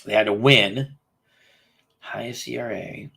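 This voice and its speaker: A man's voice: fairly low pitch, measured pace, vocal fry, pushed and bright, slightly rough. A man hosting a casual live stream, thinking aloud and reading out viewer comments. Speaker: host.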